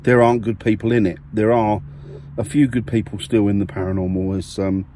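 A man's voice: on the low side, level tone, fairly quick, warm tone, a little hiss or hum. A man vlogging casually to his viewers from his car, rambling and correcting himself as he talks. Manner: rambling, self-correcting, friendly. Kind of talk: casual vlog to camera. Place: parked car.

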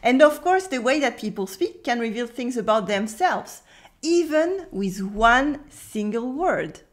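A French native woman teaching in a video lesson, explaining clearly and slowly repeating example words. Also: a little high, expressive.

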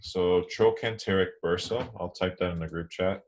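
Young man, deep voice, anatomy lecturer, casual filler-heavy delivery. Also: normal speed, slight background noise. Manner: relaxed, filler-heavy explaining. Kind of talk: online lecture.

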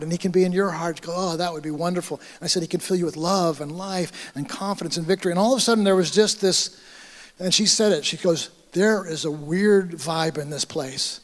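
A high-pitched American man preaches a sermon, acting out the conversations in his story with animated energy. His voice rings through a church hall with a long reverb trail. He is a pastor speaking to his congregation. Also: fairly quick. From United States.

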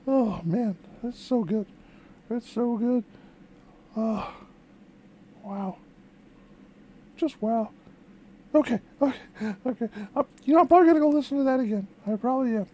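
A woman voicing an excitable female puppet who hosts a music reaction vlog, gushing and exclaiming with lots of repeated words. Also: on the high side, unhurried, pauses often, a little hiss or hum, natural voice. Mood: excited. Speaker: reaction video host.

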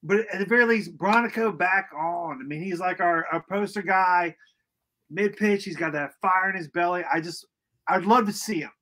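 A man's voice: sits high, moderate pace, pushed and bright. A man co-hosting a casual football fan show, joking around with slangy banter. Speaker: co-host.

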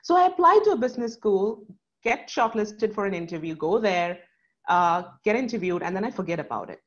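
A woman's voice: mid-range voice, animated, highs cut off. Earnest storyteller woman. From South India. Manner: earnest, dramatic pauses. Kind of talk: live personal storytelling.

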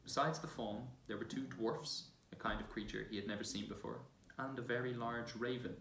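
A man's voice: medium pitch, fairly even intonation, a little fast, creaky, fairly bright tone. Man reading aloud in a church. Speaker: reader. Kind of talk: reading a children's novel aloud. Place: large church. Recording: roomy church from far off, faint hiss.

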